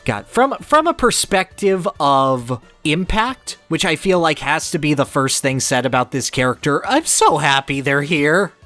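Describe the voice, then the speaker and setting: A man's voice: on the high side, animated, pushed and bright, soft background music. Passionate man talking video games. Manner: passionate, analytical, fast-flowing opinions. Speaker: podcast co-host. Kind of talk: casual game discussion.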